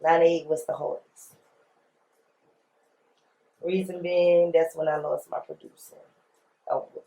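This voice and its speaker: A woman's voice: low-pitched, little pitch movement, unhurried, gravelly, mellow. Blunt New woman rapper, roomy sound. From New Orleans, USA. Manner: emphatic, repeats phrases, slangy and blunt. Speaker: rapper being interviewed. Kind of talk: candid interview storytelling. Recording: roomy echo.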